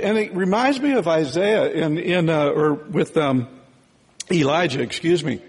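Gravelly man preaching in a hall. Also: a little high, expressive, unhurried, pauses often. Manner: conversational, digressive Bible teaching with frequent "right?" and "okay?". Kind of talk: sermon.

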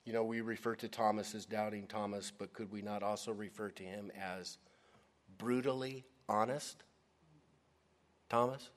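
A man preaching a sermon in an animated, emphatic way, speaking directly to his listeners. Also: fairly low pitch, moderate pace. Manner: animated, emphatic, addresses audience as "gang".

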